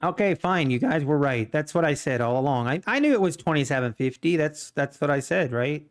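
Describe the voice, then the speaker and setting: A man's voice: fairly high pitch, lively intonation, a little fast. A man hosting a day-trading livestream, chatting casually with his viewers, laughing often as he tells stories and comments on the market. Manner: chatty, laughs often, addresses chat directly.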